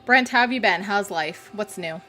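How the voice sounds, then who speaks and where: A woman's voice: medium pitch, normal speed, sharp tone, soft background music. A young woman streaming a survival game, chatting casually, giggling and reading jokes from chat aloud.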